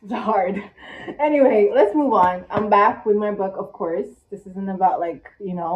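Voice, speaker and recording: A tired young woman vlogging casually in one take, chatty and dramatic, with squeaky rhetorical questions. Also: moderate pace. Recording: echoey room, distant, dull mic.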